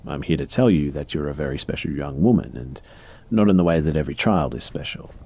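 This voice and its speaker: Slight background noise underlies this extremely low, dark male voice, pitched a little fast. He plays a professor holding a captive for experiments, coldly polite, with a smooth, patronizing and courteous menace.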